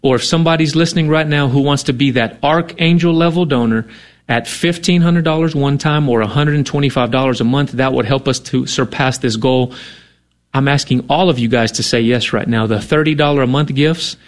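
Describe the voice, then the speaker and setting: A man's voice: medium pitch, a little fast. A middle-aged man co-hosting a radio fundraising appeal, talking earnestly and conversationally with many fillers. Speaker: radio co-host.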